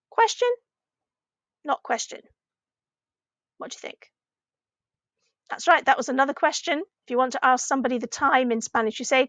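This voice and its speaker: Animated, high-pitched woman teaching. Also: no echo. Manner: slow, exaggerated modelling of phrases with rising question intonation; encouraging, patient classroom talk. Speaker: primary Spanish teacher. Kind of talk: recorded language lesson for children.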